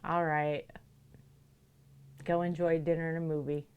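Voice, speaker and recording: A clean, slightly mellow female voice, unhurried and flat in delivery, carries a laid-back livestream chat. She laughs often and reads viewer messages aloud, and her voice rises into a sing-song when she talks to her cats.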